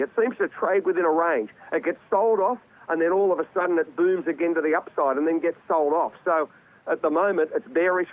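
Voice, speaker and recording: A man giving live market commentary as a guest over a remote link, conversational with many fillers and repeated words. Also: fairly high pitch. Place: remote link from another city. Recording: tinny phone-like remote line.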